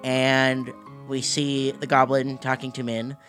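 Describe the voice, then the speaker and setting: A man narrating as game master in a tabletop role-playing game, chatty and halting, laughing often. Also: mid-range voice, monotone, fairly bright tone, soft background music.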